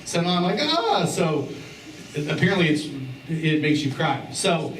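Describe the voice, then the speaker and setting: A middle-aged pastor preaching in a relaxed, joking manner, repeating his key words for emphasis. His voice sits high for a man. It is heard from a little way off in a roomy church with faint background hum. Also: moderate pace. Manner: conversational and joking, with repeated phrases. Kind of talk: sermon. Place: church sanctuary. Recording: roomy church sound from a distance.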